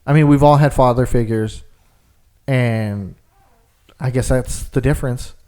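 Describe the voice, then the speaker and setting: A man's voice: mid-range voice, fairly even intonation, measured pace, warm tone, clean tone. Rambling young man telling a story. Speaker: podcast co-host. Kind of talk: casual chat.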